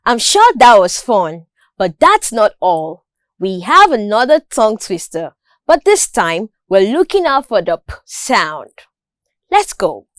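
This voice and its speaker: Brief: woman, teacher, slow deliberate drills, bright lively pitch, dry close mic. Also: dry recording. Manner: slow, carefully enunciated drills. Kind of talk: school lesson narration.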